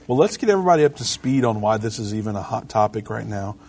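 A man's voice: fairly low pitch, animated, quick pace, darkish tone, slight background noise. A man hosting a podcast, steering the conversation and reading news quotes aloud in a casual way. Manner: leads the talk, reads quotes aloud. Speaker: podcast host.

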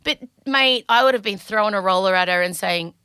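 A woman's voice: mid-range voice, brisk, bright, forceful tone, clean tone, dry recording, studio quality. A middle-aged Australian woman hosting a podcast, chatting candidly and anxiously and swearing freely. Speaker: podcast host. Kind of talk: casual podcast monologue.

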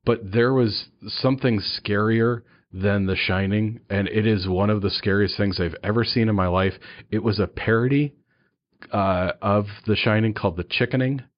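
Low-voiced man, eager podcast co-host. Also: muffled recording. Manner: eager and emphatic, with quick wisecracks. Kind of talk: casual podcast chat.

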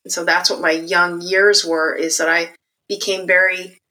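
Candid, reflective woman with a bright voice. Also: on the low side, normal speed, poor audio. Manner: candid and reflective, animated when quoting others. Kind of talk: personal storytelling interview.

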